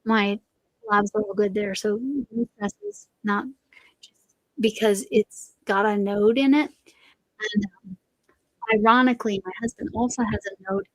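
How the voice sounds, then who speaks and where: A woman's voice: medium pitch, unhurried, pauses often, no room sound, rough recording. A middle-aged woman hosting a crochet livestream, rambling in casual chat with a voice that is slightly going. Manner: rambling, chatty, trails off and restarts.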